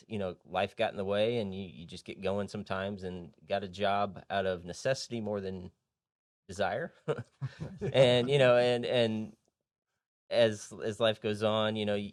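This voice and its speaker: A man's voice: fairly low pitch, dry recording. A man from Indianapolis, a real estate agent and podcast guest, telling his story in an earnest, rambling, easygoing way in a recording studio. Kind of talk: casual interview storytelling.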